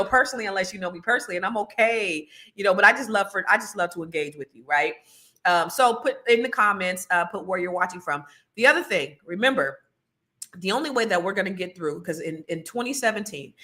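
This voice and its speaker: A woman's voice: medium pitch, pushed and bright. A woman, hosting a casual livestream and chatting animatedly with her viewers. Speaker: livestream co-host.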